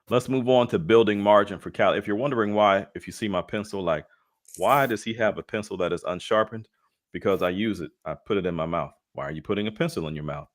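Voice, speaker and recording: A man co-hosting a casual leadership webinar, playful and jokey, mixing slang asides with talk of faith. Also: fairly low pitch. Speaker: co-host and leadership coach.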